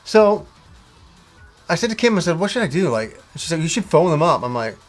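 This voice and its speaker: A man with a slightly high voice tells a story in a loose, ranting way. He acts out both sides of each conversation and swears freely as he goes. Faint music plays underneath. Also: a little fast. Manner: animated retelling with swearing and acted-out dialogue. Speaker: video game vlogger. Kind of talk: casual storytelling rant.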